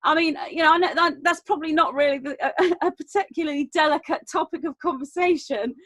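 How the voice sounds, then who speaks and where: High-voiced woman telling a personal story. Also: brisk, dry recording. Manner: earnest, animated retelling with many restarts. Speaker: round table guest. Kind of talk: personal storytelling in an online panel.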